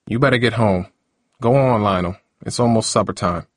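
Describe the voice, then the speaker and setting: A man voicing an elderly retired schoolteacher, speaking in a raised, soft, wavering tone. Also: on the low side, moderate pace, dry recording, clean studio sound, close to an everyday voice. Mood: firm. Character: elderly woman, retired teacher, grieving neighbor.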